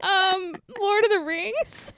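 A woman's voice: very high voice, no echo. A woman co-hosting a podcast in casual chat, joking and laughing easily with her co-host. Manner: animated, quick to joke and laugh.

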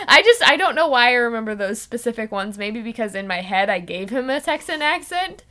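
A woman's voice: a little high, very animated, moderate pace, sharp tone. Chatty woman co-hosting a podcast. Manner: chatty, laughs often. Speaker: podcast co-host. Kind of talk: casual film review chat.

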